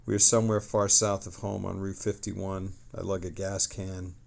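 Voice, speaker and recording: Gravelly low-voiced male streamer. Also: normal speed. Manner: excitable, chatty asides between read passages. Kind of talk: casual lore reading on a livestream.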